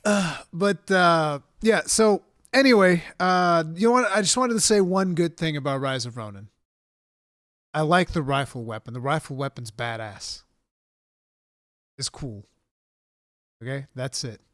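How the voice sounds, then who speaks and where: A man hosting a podcast, animated and laughing often in casual banter. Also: on the high side, measured pace, pauses often, no echo, studio quality. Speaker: podcast host.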